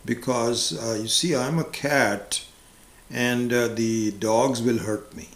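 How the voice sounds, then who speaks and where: A man voicing a stubborn, anxious grown man who is convinced he is a cat, with slow deliberate speech in a roomy hall. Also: mid-range voice, steady tone, natural voice. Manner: stubborn, insistent.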